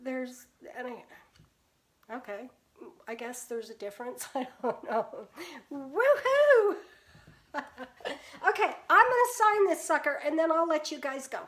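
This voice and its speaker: High-voiced older woman chatting on a live stream. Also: steady tone, measured pace. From Pacific Northwest US. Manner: chatty, greets viewers, laughs often. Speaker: painter hosting a live stream. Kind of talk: casual live-stream chat.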